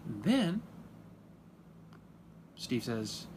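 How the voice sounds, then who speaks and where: Male comic, dad character, halting deadpan ramble, wide swings in pitch, noisy recording. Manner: rambling and halting, full of fillers, swinging into sudden high excited outbursts. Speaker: comedic character monologue.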